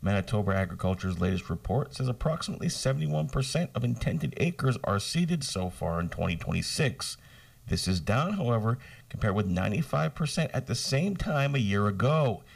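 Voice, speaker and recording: A man reading scripted local radio news in a steady, measured way. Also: medium pitch, creaky, distant mic. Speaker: newsreader.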